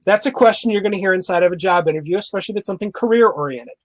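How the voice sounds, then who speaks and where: High-voiced man from Wisconsin, dry mic. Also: rapid-fire, dry recording, low-quality recording. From Wisconsin, USA. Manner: rambling, animated storyteller. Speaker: guest. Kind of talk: casual chat. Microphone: video call.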